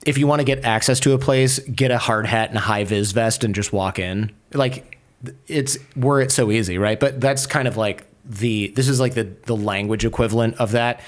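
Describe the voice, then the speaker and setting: Man, podcast guest, casual storytelling, animated, mid pitch. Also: normal speed. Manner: animated, acts out quoted voices, many filler "like"s.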